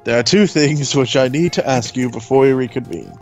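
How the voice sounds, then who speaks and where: A man voicing a stern, formal male prosecutor, questioning in a measured way. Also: mid-range voice, faint music behind, lightly acted. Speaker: let's play voice actor.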